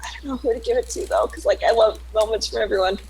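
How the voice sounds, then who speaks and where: A woman's voice: on the high side, fast talker, darkish tone, slight background noise, low-quality recording. A woman, a tabletop game player, talking hesitantly and thoughtfully with her group. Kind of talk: casual chat after a game session.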